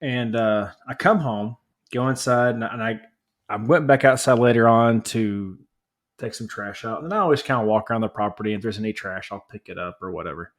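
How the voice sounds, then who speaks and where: A man co-hosting a podcast, telling a long story in an animated, rambling rant. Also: on the low side, a little fast. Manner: married family man. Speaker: podcast co-host. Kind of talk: casual chat.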